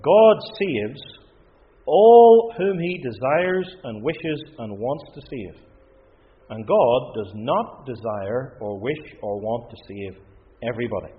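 A man preaching a sermon, emphatic and building to forceful peaks, slowing to stress quoted scripture. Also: medium pitch, animated, in a large hall, phone-quality sound. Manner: slows and stresses scripture quotations.

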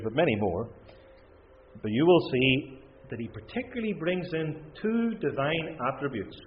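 A man preaching a sermon, emphatic and building to forceful peaks, slowing to stress quoted scripture. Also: mid-range voice, in a large hall, narrow, tinny audio, slight background noise. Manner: slows and stresses scripture quotations.

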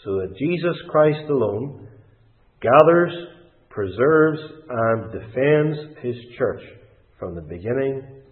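A man preaching a sermon in a deliberate, emphatic way, leaning hard on key words. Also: mid-range voice, lively intonation. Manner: deliberate, emphatic, with rising stresses. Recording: tinny phone-like sound in an echoey room.

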